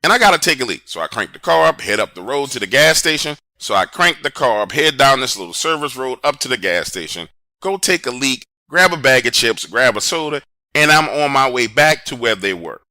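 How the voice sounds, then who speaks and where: A man telling his own true scary story in a dramatic, animated way. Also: a little fast, no echo. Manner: animated, dramatic storytelling with big swings in pitch and volume. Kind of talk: first-person true horror story.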